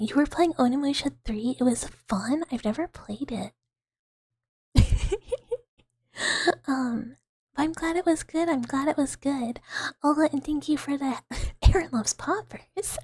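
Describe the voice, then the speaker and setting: A young adult woman streamer in a whispered ASMR chat, rambling playfully in soft unvoiced whispers and giggling. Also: high voice, no echo.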